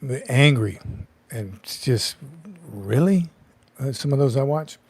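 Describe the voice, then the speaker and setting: A man's voice: medium pitch, expressive, measured pace, breathy edge. A middle-aged man hosting a casual livestream, chatty, joking and greeting viewers by name. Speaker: livestream host.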